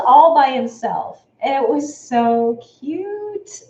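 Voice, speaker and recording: A woman's voice: high-pitched, lively intonation, slow pace, a little mellow, highs cut off. A woman hosting a sewing channel live stream, talking casually and rambling, thanking viewers by name as she goes. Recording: echoey room with faint noise.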